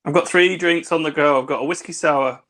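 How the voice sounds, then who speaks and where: A man's voice: fairly high pitch, a little fast, a bit bright, slight background noise. A man co-hosting a casual video-call cocktail chat, rambling and swearing between laughs. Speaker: co-host.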